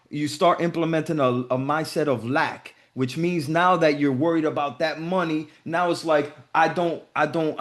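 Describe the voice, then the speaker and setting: A man hosting a group video call, giving casual motivational talk in a profane, emphatic way. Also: on the high side.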